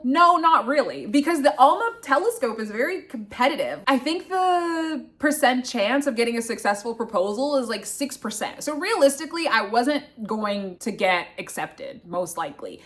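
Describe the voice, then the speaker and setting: A young woman telling a casual storytime vlog, animated and swearing, acting out what others said. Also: fairly high pitch. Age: young adult. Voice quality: expressive, swearing, acts out voices of others. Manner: animated retelling, swings between loud and hushed. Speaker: vlogger, grad student.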